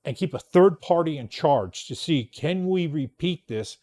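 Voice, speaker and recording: A man's voice: on the high side, lively intonation, unhurried, darkish tone. A male podcast host telling a story in a casual, rambling monologue, blunt and swearing freely.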